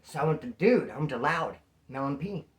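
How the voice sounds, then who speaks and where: A man from Bakersfield tells a story from his prison days. He talks fast, in animated street slang, as a casual storyteller. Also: on the high side. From Bakersfield, California.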